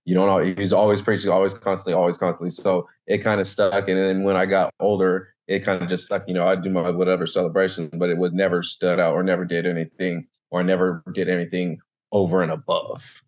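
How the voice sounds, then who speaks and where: Deep-voiced ex-athlete guest, loose and repetitive, on a dull lo-fi recording. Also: male voice, fast talker. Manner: loose, repeats words, animated when recalling. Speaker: guest, former pro football player. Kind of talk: casual podcast chat. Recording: dull lo-fi sound.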